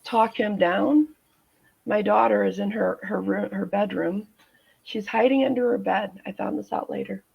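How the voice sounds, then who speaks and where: Woman, 50s, guest telling her own story; gravelly, halting delivery, dull lo-fi recording. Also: medium pitch. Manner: halting, many restarts and fillers. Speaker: guest, nurse. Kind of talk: personal storytelling in interview. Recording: dull lo-fi audio.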